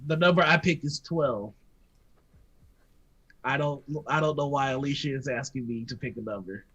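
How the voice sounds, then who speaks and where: American woman, streamer host, casual chat, lots of laughter, stumbling restarts, bright tone. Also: rumbling low, normal speed, long pauses, breathy edge. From United States. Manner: laughs often, stammers.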